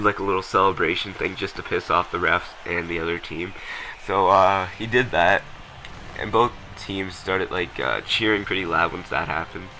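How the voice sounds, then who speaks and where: A young man with a low yet bright, forceful voice talks through his gameplay footage in a loose, rambling way. He fills gaps with ums and uhs and doesn't shy away from swearing. A faint noise sits under the recording. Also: rough recording. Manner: rambling, lots of ums and uhs, blunt and profane. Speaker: gameplay commentator. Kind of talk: casual gameplay commentary.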